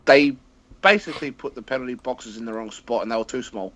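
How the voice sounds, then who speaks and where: A man's voice: mid-range voice, fairly quick, a bit bright. A man in a casual football chat, chiming in with dry, short remarks. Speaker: podcast co-host.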